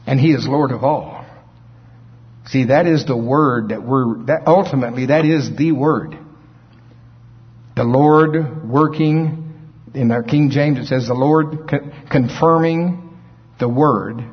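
A man preaching a sermon in a folksy, animated way, acting out scripture scenes in different voices. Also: medium pitch, slow, pauses often, breathy edge. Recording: dull lo-fi recording.

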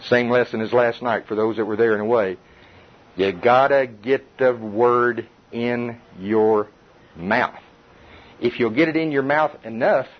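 Husky middle-aged pastor preaching casually. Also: male voice, mid-range voice. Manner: lively, conversational preaching with chuckles and repetition. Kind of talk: sermon at a Bible study. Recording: dull muffled recording.

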